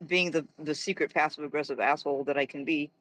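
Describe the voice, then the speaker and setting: A man's voice: on the high side, steady tone, quick pace, a bit bright, no echo. A man in casual chat, telling rambling stories and laughing often.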